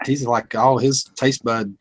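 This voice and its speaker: A man's voice: medium pitch, steady tone, a little slow, rough recording. A man, hosting a folksy, easygoing casual chat. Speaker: host.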